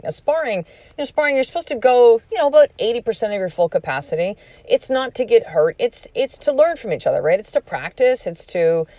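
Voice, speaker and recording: A woman's voice: lowish voice, a little mellow, no echo. A woman in her forties hosting a podcast, telling a personal story in a candid, emphatic way and swearing freely. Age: 40s. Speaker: podcast host.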